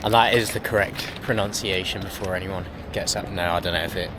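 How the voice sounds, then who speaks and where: A man's voice: sits low, fairly even intonation, brisk. A man vlogging while walking around a city, chatty and self-deprecating with rambling asides. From England. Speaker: travel vlogger. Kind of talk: casual travel vlog. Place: outdoors in city streets. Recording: loud city street noise. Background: traffic and street sounds.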